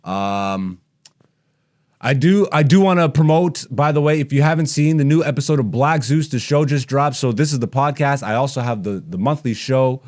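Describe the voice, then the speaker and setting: A man's voice: mid-range voice, normal speed, darkish tone. A man in his thirties, a comedian hosting his podcast, ranting bluntly and profanely while gaming.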